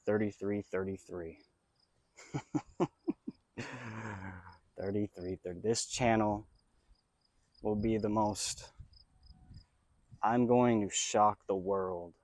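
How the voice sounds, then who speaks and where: A young man in a casual, rambling spiritual monologue outdoors, swearing freely and swinging between loud bursts and mumbled asides. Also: on the low side, takes it slowly, pauses often. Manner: profane, excitable, drifts between loud rants and mumbles. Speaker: spiritual vlogger.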